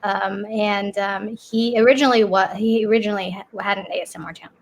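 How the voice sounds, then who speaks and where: A woman talks as a guest on a casual live talk show. She explains things plainly but hesitantly, filling her pauses with ums. Her voice sits at an ordinary middle pitch. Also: steady tone. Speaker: guest, ASMR creator. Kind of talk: casual interview chat.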